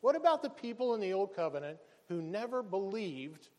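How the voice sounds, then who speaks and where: High-voiced preaching man in a hall. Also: sing-song, a little fast, a little mellow. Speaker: pastor. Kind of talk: sermon.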